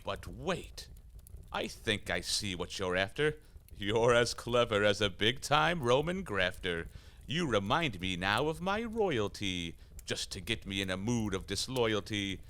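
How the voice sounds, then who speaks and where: A man's voice: fairly low pitch, big pitch swings, a little slow, a bit bright. A man voicing a scheming devil assassin sent from hell in a rhyming radio play, theatrical and boastful. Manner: theatrical, boastful, swings between bluster and wonder.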